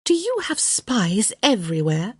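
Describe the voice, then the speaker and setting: A woman's voice: medium pitch, sing-song, a little slow, breathy edge, dry recording, pitched above the performer's own voice. A woman voicing a stubborn young unmarried lady who answers her mother in a dry, teasing way. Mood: protesting.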